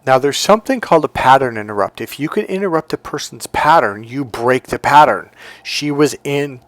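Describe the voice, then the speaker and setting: A man's voice: normal speed, dry recording. A man who works as a relationship coach and hypnotherapist, telling a personal story as motivational talk and acting out the dialogue in it. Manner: animated, acts out quoted dialogue with high lifts in pitch.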